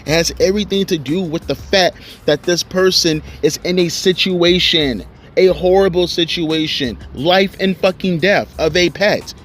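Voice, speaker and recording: A man's voice: sits high, normal speed, a bit bright, a little hiss or hum. A young man ranting angrily and profanely about online commentators, recorded outdoors on his cell phone. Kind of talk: angry rant vlog.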